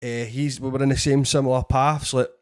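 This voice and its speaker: A man with a Scottish accent, a podcast host and comedian, telling an animated story full of swearing in casual chat. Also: medium pitch, brisk. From Scotland.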